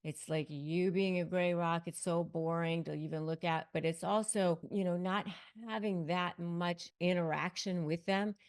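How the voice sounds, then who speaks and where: A woman's voice: on the low side, fairly even intonation, moderate pace, hardly any pauses, clean tone. A middle-aged woman, a lawyer and negotiation coach, giving emphatic, repetitive advice straight to camera. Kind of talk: direct-to-camera advice talk.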